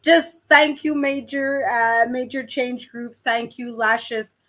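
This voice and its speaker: A woman's voice: a little high, level tone, slow, a bit bright, a little hiss or hum. A woman guest on a live talk show, stammering and giggling as she brushes off compliments with self-deprecating humor. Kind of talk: casual live-stream chat.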